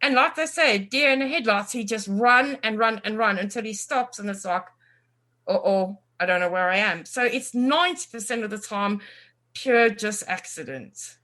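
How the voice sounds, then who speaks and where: A woman guest on an interview podcast, a lively storyteller chatting casually and acting out what others say. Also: fairly high pitch, moderate pace. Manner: lively storyteller, acts out quotes. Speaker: guest, animal communicator.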